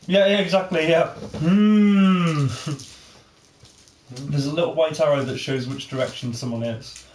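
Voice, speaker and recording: A man's voice: a little high, expressive, unhurried, recorded from a distance. A man co-hosting a game playthrough, chatty and teasing, laughing often. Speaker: let's play co-host. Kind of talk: casual gaming banter. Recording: roomy, faint noise.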